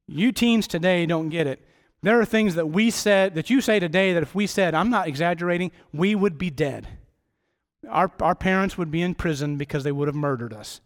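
A middle-aged man preaching a sermon in church, rambling with jokey, self-deprecating asides. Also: high-pitched.

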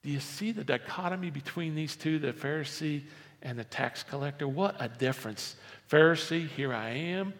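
A man preaching a sermon as a pastor, swinging between loud emphasis and quiet, low asides. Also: brisk, in a large hall. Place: church.

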